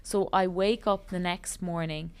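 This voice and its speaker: Woman telling a lively story. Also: fairly low pitch, measured pace, smooth. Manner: animated storyteller acting out quoted voices. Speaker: podcast co-host. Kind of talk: casual storytelling chat.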